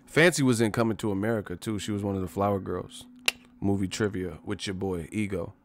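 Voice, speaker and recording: A man's voice: on the low side, a little fast, background noise. A man hosting a casual livestream chat, talking in slang, laughing often and putting on mock voices. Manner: laughs a lot, slangy, does mock voices of movie characters. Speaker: livestream host.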